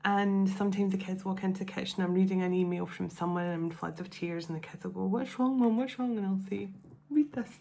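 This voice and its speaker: A woman with a lowish voice full of vocal fry talks to her channel's viewers from home. She is heartfelt and easily moved, and she rambles and restarts her sentences as she goes. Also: level tone, fast talker, few pauses, dark tone. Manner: emotional, rambling, with many restarts. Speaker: tarot and spiritual channel host. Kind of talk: casual heartfelt talk to viewers.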